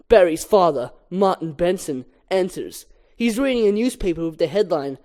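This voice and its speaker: Lively-pitched reader of stage directions. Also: moderate pace. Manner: flat stage-direction reading, lively swings. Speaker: script reader. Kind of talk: reading a film script aloud.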